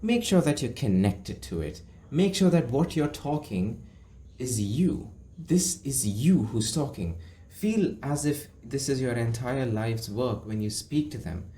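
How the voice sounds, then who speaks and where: A man coaching public speaking to camera, earnest and emphatic, deliberately slowing down and speeding up, recorded in an echoey room with a faint hum. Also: medium pitch, expressive. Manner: earnest, emphatic, deliberately varies pace and loudness. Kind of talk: instructional talk to camera.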